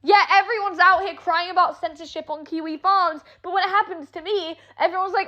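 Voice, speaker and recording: A young woman with a British accent rants in a heated, sarcastic way and swears constantly. Her voice sits high. The recording sounds dull and lo-fi. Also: fairly quick, hardly any pauses, bright, forceful tone. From Britain. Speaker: online personality. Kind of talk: angry streamed rant.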